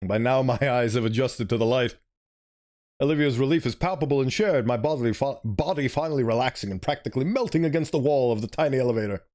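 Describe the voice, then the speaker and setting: A man's voice: mid-range voice, fast talker, darkish tone. A man streaming a story game, reading it aloud and chatting animatedly, sometimes fumbling for words.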